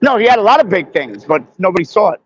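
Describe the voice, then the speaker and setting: Loud joking guy on a street walk, rowdy and profane, kinda muffled stream audio. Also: sits high, big pitch swings, quick pace, slightly rough. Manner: boisterous, profane, laughs often. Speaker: guest streaming while walking. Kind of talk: casual live-stream chat. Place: outdoors on city streets, walking.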